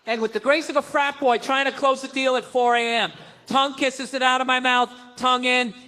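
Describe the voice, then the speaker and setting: A man with a high-pitched voice performs a stand-up routine on stage. He tells an animated story and slips into the voices of the people in it. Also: fairly quick, clear, resonant tone. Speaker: stand-up comedian.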